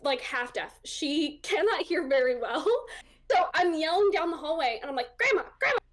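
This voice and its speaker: On an interview show, a young woman guest chats casually through a personal story, her high voice expressive and her pace moderate. She laughs often and leans heavily on ums and likes.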